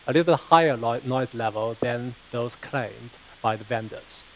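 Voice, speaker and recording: A man's voice: mid-range voice, moderate pace, a bit bright, a little hiss or hum, poor audio. A man answering technical questions about his research, hesitant and often repeating words. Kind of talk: technical Q&A after a talk.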